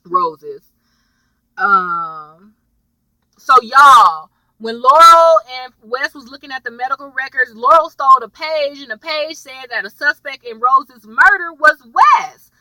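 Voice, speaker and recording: A woman's voice: sits high, expressive, takes it slowly, pushed and bright, dry recording, far from the mic, poor audio. A young woman chatting casually as she recaps a TV episode, slangy and storytelling. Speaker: TV episode reviewer.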